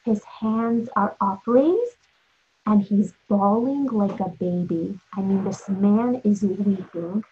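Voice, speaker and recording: A woman's voice: mid-range voice, slow, a little hiss or hum. A woman giving an inspirational Torah talk, telling stories and asking rhetorical questions. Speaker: Torah teacher. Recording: dull lo-fi recording.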